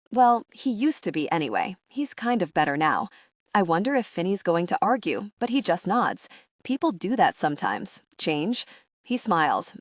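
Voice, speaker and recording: A woman reading a first-person audiobook in a soft, measured, intimate manner, recorded close on a studio mic. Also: lowish voice, no room sound. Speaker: audiobook narrator.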